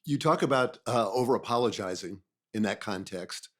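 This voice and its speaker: A man's voice: fairly low pitch, normal speed, a bit bright. A man co-hosting a podcast, asking a guest questions in an easygoing, affirming way. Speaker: podcast co-host.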